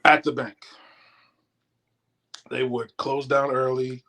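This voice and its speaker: A man's voice: mid-range voice, slow pace, poor audio. A middle-aged man, a former stockbroker, telling stories as an interview guest and acting out what people said. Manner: animated storyteller acting out quotes. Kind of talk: casual storytelling.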